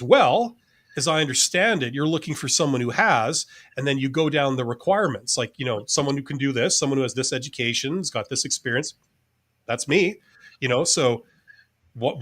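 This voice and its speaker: A man's voice: mid-range voice, a bit bright. A man, a former CEO and hiring manager, co-hosting a live-stream career Q&A in a loose, conversational way, often repeating words as he thinks.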